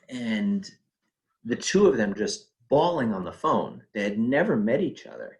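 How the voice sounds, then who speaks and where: A man's voice: on the low side, big pitch swings, measured pace, low-quality recording. A middle-aged man telling a personal family story in a conversational way, with fillers and quoted speech.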